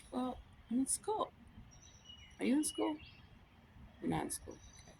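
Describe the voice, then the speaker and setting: A woman's voice: mid-range voice, creaky, darkish tone. A woman in a casual rant to camera, blunt and profane, laughing often, talking as a law student and comedian. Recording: noisy with vehicle sounds behind.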